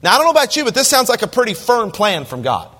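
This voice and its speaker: Man, pastor, sermon, high-pitched, conversational, asks the room questions, long echoing reverb. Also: wildly swooping pitch, fast talker, pushed and bright, slightly rough. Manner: reads scripture aloud in King James wording. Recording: long reverb of a large hall.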